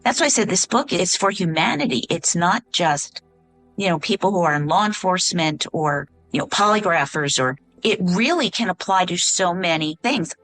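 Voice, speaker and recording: A middle-aged woman hosts a podcast interview in a lowish voice, chatty and enthusiastic. Her voice is recorded dry and close on a podcast mic, with faint music underneath. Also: expressive, moderate pace, a bit bright, no echo. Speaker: podcast host.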